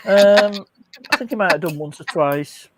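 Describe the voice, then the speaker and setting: A man's voice: high-pitched, normal speed. A man chatting on a live video stream, blunt and chatty, with faint noise behind. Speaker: livestream guest. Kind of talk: casual chat.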